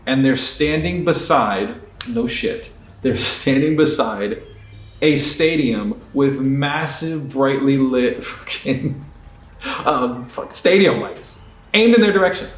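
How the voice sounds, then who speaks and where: Blunt, cursing man in an echoey room. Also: fairly high pitch. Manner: blunt, profane, emphatic storytelling. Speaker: indie filmmaker. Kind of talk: candid advice rant to camera. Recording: echoey room, distant mic, faint ambience.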